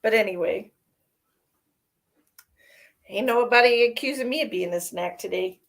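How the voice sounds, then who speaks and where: A woman's voice: medium pitch, a little slow, vocal fry, long pauses. A middle-aged woman, chatting casually and rambling on a live stream as a psychic medium, giggly and affectionate with her viewers.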